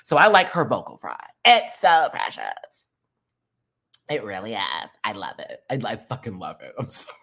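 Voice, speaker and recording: Man reviewer, lively bright voice, loud highs and quick murmured asides, slangy rant. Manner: animated, swings from loud outbursts to low asides; playful drag slang, profanity. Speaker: show reviewer. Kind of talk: excited casual review rant.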